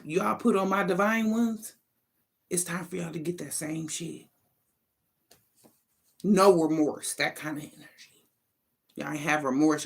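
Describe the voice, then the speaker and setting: A woman's voice: lowish voice, fairly bright tone. Woman, card reader, casual spiritual monologue; blunt, profane, sassy delivery. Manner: thinks aloud between short bursts.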